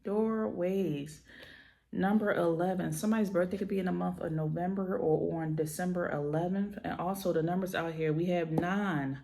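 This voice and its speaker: Tarot reader, woman, lower-pitched voice, emphatic and encouraging, faint background hiss. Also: steady tone, fairly quick, vocal fry, few pauses, dark tone. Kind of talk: tarot reading.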